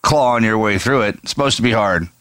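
Bright-voiced male host in a dry room. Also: fairly low pitch, fast talker, dry recording. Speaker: podcast host. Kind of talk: casual interview chat.

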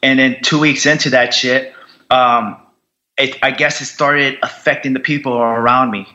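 A man's voice: medium pitch, fairly even intonation, normal speed, bright, forceful tone, highs cut off. A man who served in war, telling his recovery story bluntly, swearing constantly and repeating himself for emphasis. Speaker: military veteran guest. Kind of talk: candid conversational storytelling.

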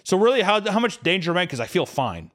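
A man's voice: high-pitched, very animated, fast, a bit bright. A young man co-hosting a podcast, telling a story in a casual, profane, jokey way. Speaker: podcast co-host.

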